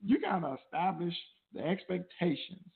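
A man's voice: sits high, normal speed, gravelly. A man co-hosting a talk show, giving relationship advice in a loose, conversational way, often repeating words as he thinks. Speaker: co-host of a marriage talk show. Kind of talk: casual advice chat. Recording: tinny phone-like sound.

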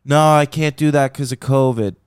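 A man's voice: medium pitch, steady tone, moderate pace, smooth, dry recording, studio quality, close to an everyday voice. A man voicing a testy female flight attendant who speaks in a clipped, dismissive way. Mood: curt.

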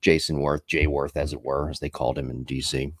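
A man's voice: a bass voice, level tone, a little fast, no room sound, clean studio sound. A man hosting a podcast in casual chat, telling rambling stories with many fillers and asides. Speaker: podcast host.

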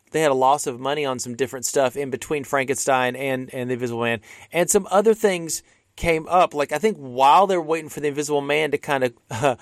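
A man's voice: on the high side, no echo, clean studio sound. A man co-hosting a podcast, chatting casually about classic films with many restarts and fillers. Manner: rambling with frequent restarts. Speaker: podcast co-host. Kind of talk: casual film discussion.

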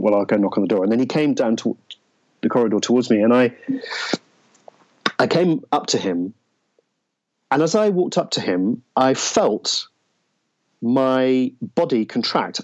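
A man, an interview guest, telling a personal story in a reflective, halting way with frequent restarts. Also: mid-range voice, a little mellow, muffled recording. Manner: halting, searching for words, many restarts.

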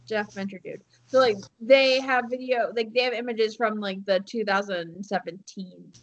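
Speaking at normal speed with a medium pitch and steady tone, this podcast co-host tells a story casually, rambling with lots of fillers and laughs. The sound is lo-fi.

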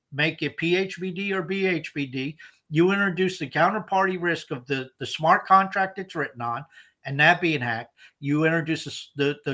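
A man's voice: a little high, bright, forceful tone. A man co-hosting a casual podcast, explaining points emphatically and often repeating words as he restarts. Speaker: podcast co-host.

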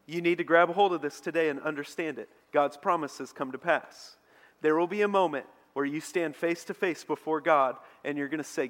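A man preaching a sermon as a pastor, telling a story with animated energy. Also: on the high side, fairly quick. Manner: animated storytelling preacher, mocking shouts in quoted lines. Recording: long hall reverb.

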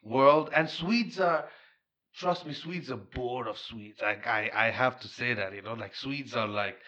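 A man hosting a podcast in casual chat, animated and slangy, rambling with restarts. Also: medium pitch, a little slow, dull audio. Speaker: podcast host.

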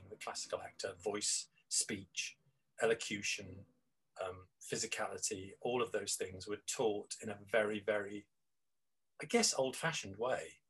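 A man's voice: lowish voice, unhurried, fairly bright tone, breathy edge, poor audio. A middle-aged man, a guest on an interview, talking reflectively with many restarts and fillers. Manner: rambling, with frequent restarts and fillers. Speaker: guest, improv teacher.

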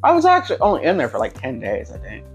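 A man telling a jail story in casual chat, swearing a lot and acting out other people's shouting in a high, loud voice. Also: quick pace, soft background music. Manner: animated, acts out voices shouting at high pitch; heavy swearing, slangy.

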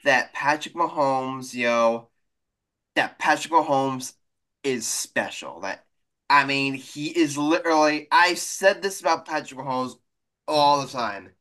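A man's voice: medium pitch, takes it slowly, bright, forceful tone. A man co-hosting a sports podcast, arguing emphatically in casual debate and often repeating and restarting his phrases.

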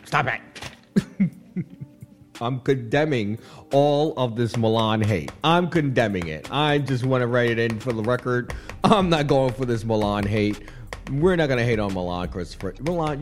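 A man hosting a radio talk show, chatting casually and playfully, laughing often and rambling through asides. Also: fairly low pitch.

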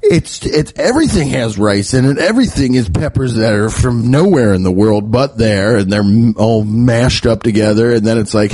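A man's voice: medium pitch, lively intonation, normal speed, hardly any pauses, darkish tone, dry recording. A man from the US Midwest hosting a show alone, ranting with swearing and laughing at his own jokes. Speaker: podcast host. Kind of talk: solo comedic rant. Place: at home by a window.

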